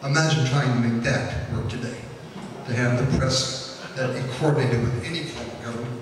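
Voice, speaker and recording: A man's voice: medium pitch, steady tone, moderate pace, a crowd in the background. A man giving a public history lecture, telling folksy anecdotes with frequent fillers. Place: lecture hall. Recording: echoey hall from far off.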